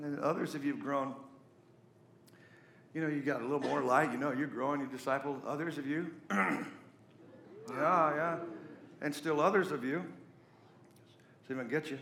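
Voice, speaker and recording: Animated high-voiced preaching man. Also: moderate pace, long pauses, reverberant, a little hiss or hum. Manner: storytelling, animated, jokey asides. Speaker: pastor. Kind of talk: sermon.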